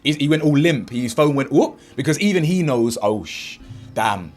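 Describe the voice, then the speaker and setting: A man's voice: on the high side, a little fast. A man doing fired-up reaction commentary, acting out what others said and using heavy street slang. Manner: animated and indignant, acts out quotes, heavy slang. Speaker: commentary channel host.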